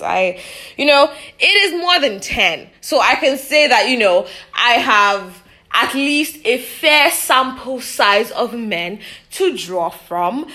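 Candid high-voiced young woman, laughing often. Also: bright, forceful tone. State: a little out of breath. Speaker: podcast host. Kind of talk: casual solo chat.

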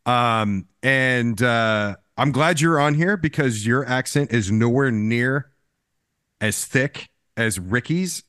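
Man, podcast co-host, excitable and loose, dry close sound. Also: mid-range voice, no room sound. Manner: excitable, laughing, swears casually. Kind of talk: casual podcast chat.

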